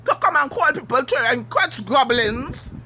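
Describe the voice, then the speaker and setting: A Trinidadian woman giving a heated, cursing social media rant, furious and shouting at times. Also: high voice, big pitch swings, measured pace, a little hiss or hum. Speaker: TikTok commenter.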